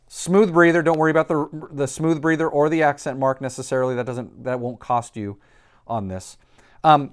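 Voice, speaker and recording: A man of ordinary pitch teaches a recorded lesson and walks through each answer with patience. He reassures his students and pauses to think aloud as he writes on the board. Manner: patient, reassuring, explains step by step. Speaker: Greek teacher.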